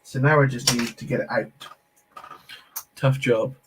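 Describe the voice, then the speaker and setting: A man's voice: medium pitch, fairly even intonation, measured pace, heavy background noise. A man hosting a casual livestream, chatting with viewers while tinkering with a build, laughing easily and poking fun at himself. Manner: laughs easily, self-deprecating. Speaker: Lego livestream host.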